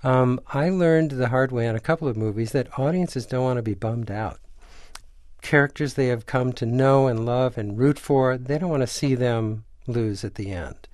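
A man's voice: medium pitch, normal speed, no echo. An older man shares a story from his career in a radio interview. He brings the quoted people to life as he talks. His voice is recorded close and dry. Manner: animated anecdote teller, acts out quoted voices. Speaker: screenwriter guest.

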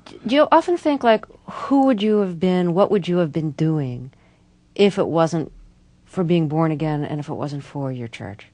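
A woman's voice: deep voice, expressive, normal speed, warm tone, no echo. Woman interviewer in a dry studio. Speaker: radio interviewer. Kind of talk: interview questions and closing announcement.

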